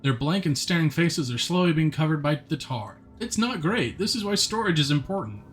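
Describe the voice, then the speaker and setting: Chatty male streamer, slightly high voice. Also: fairly bright tone. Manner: chatty, answers chat, reads narration aloud in a plain voice. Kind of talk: live gameplay commentary, reading game text aloud.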